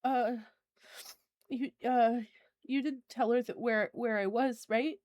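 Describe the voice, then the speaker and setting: A woman's voice: fairly high pitch, fairly even intonation, takes it slowly, darkish tone, no room sound, clean studio sound. A woman voicing a frightened small boy in a tabletop game, who stammers and repeats his words.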